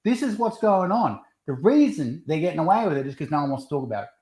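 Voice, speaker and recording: A man co-hosting a relaxed podcast over a beer, worked up and ranting. He swears often, and his pitch swings widely from low mutters to high outbursts. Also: fast talker. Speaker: podcast co-host. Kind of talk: casual chat over a beer.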